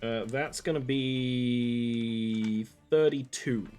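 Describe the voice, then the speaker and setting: A man narrating a tabletop role-playing session as game master, casual and quick with laughter. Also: medium pitch, darkish tone, faint music behind.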